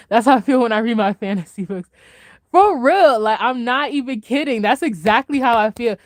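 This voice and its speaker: A woman vlogger in a casual reaction chat, gushing and excitable, laughing often and swinging between loud highs and soft mutters. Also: moderate pace, dry recording, clean studio sound.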